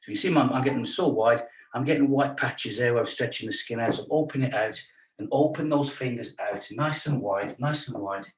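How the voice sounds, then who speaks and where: A man's voice: mid-range voice, fairly quick. A man leading a stretch class, chatty and joking while he counts the holds. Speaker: fitness instructor. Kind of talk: guided stretch class instruction. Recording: roomy sound from a distance.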